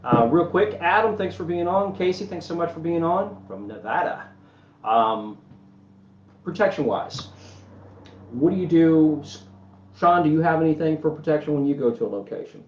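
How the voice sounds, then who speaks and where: A man's voice: on the high side, animated, moderate pace. A man hosting an interview, asking questions in a conversational, prompting way. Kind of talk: casual interview talk. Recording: echoey, dull lo-fi with faint noise.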